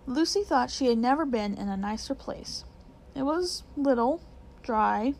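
A woman reading a children's book aloud in a gentle, unhurried way, correcting small slips as she goes. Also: sits high, lively intonation, creaky, a little hiss or hum, poor audio. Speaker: reader.

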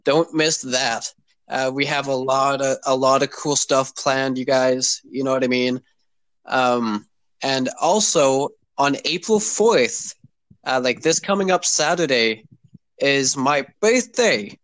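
A young man in his twenties hosting a podcast in a loose, rambling way, full of fillers and restarts. His voice sits at an ordinary middle pitch. It sounds close and dry, with no room sound. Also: slow, fairly bright tone, no echo, low-quality recording. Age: 20s. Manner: rambling, filler-heavy, often asks "you know what I mean". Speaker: podcast host. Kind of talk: casual podcast chat.

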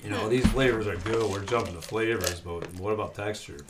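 A man's voice: on the low side, steady tone, brisk. Joking man over heavy noise. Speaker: candy taste-test panelist. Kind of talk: casual chat. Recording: loud background noise.

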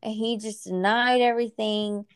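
A woman casually telling a personal story in a relaxed, chatty way, sometimes acting out what people said. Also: fairly high pitch, normal speed, clear, resonant tone. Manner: relaxed, chatty, acts out quoted voices.

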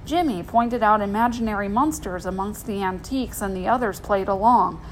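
A woman reading a children's storybook aloud in an expressive, gentle way. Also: mid-range voice, brisk, a little hiss or hum, poor audio.

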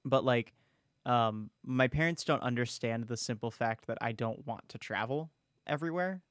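A man's voice: mid-range voice, normal speed, dry recording, studio quality. Swearing young man chatting on a podcast. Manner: animated, swears a lot, says "bro" and "dude". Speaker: podcast co-host. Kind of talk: casual chat.

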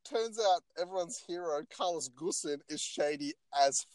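A man's voice: a little high, moderate pace. A young man co-hosting a car podcast, joking and mocking in casual chat. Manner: jokey, animated, mocking asides. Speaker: podcast co-host.

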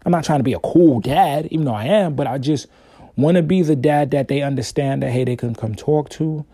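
A man's voice: a little high, brisk, dark tone, breathy edge, no echo, clean studio sound. A man hosting a casual solo podcast, talking in a laid-back, slangy, conversational way. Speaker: podcast host, father.

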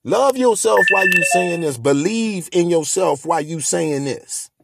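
A man's voice: high-pitched, expressive, normal speed, creaky, loud music behind the voice. A man hosting a podcast, delivering a motivational monologue in an emphatic, preachy way, repeating his points. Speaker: podcast host.

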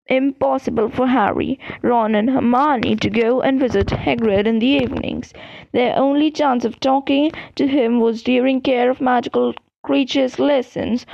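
A woman podcast host reading a novel aloud chapter by chapter, in a plain, steady way with small slips. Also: fairly high pitch, gravelly, dry recording, lo-fi sound. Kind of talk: audiobook read-aloud narration.

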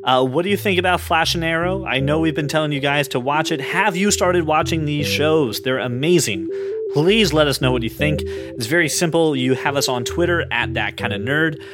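A man hosting a podcast, talking in a casual, animated way and swearing freely as he rants. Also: a little high, normal speed, over music. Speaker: podcast host.

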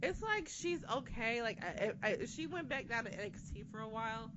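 Casting note: woman, somewhat high voice, swearing ranter, dull lo-fi audio. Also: a little fast. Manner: animated, swears a lot, rants. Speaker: co-host discussing wrestling. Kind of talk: casual chat. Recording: dull lo-fi recording with faint noise.

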